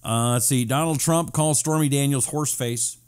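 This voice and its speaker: A man's voice: mid-range voice, moderate pace, a little mellow, clear, resonant tone. Sarcastic man hosting a live stream. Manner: sarcastic, wisecracking, reads viewer comments aloud. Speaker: talk show host. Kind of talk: casual live-stream commentary.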